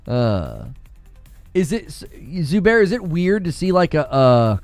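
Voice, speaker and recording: A man's voice: a little high, gravelly, dry recording. A man hosting a casual gaming livestream, joking around, laughing often and answering his chat. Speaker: livestream host.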